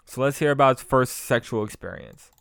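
A man hosting a podcast, giving crude comic commentary on clips, laughing often and excitable. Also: mid-range voice, brisk, creaky, smooth, no echo. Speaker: podcast host.

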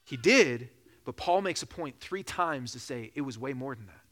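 A man in his thirties preaching a sermon, telling a joking personal story, then building to loud, slow emphasis. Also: medium pitch, expressive. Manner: preaching with rising emphasis, slowing for key phrases; jokes and laughs during a personal story. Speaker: pastor.

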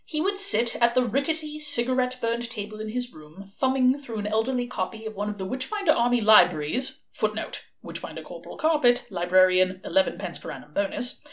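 A woman narrating a novel aloud in an expressive, lilting storytelling manner. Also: medium pitch. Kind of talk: audiobook reading.

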